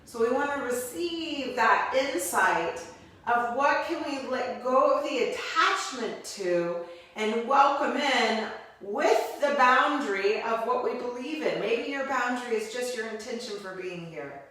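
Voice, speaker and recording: A woman teaching a guided yoga class, calmly cueing each move step by step with spiritual encouragement. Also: on the high side, measured pace. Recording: very echoey room, voice from a distance.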